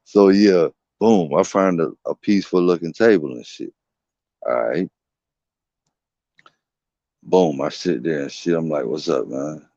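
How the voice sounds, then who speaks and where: Deep-voiced man telling rambling stories. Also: a little slow, pauses often, dark tone, no echo. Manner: profane, slangy and rambling. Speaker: streamer. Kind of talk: casual storytelling. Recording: dull, dry lo-fi stream audio.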